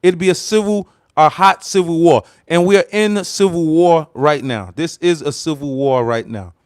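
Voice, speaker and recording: A man's voice: on the high side, moderate pace, clear, resonant tone, no room sound. An American man hosting a heated political commentary livestream, fired up and repeating himself as he talks straight to viewers. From United States. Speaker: livestream host.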